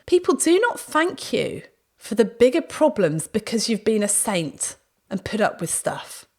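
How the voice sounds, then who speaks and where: Lively woman telling a story. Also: on the high side, unhurried. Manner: lively storytelling, acts out quoted speech. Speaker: podcast host. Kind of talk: casual talk and anecdote.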